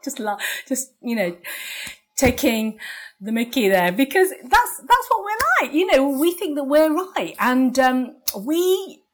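A woman's voice: sits high, big pitch swings, slow. A woman with an English accent preaching a sermon in a conversational way, asking the congregation for amens and laughing at her own jokes. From England.

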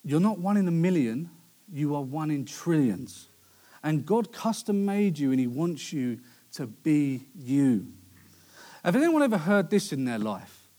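A man's voice: on the high side, big pitch swings, unhurried, darkish tone. A young man preaching a sermon in a conversational way, with storytelling asides.

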